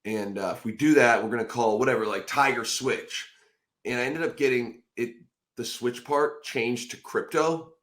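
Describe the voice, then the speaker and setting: A man hosting a casual podcast, telling animated, profane stories and acting out quotes loudly. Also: medium pitch, moderate pace. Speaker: podcast host.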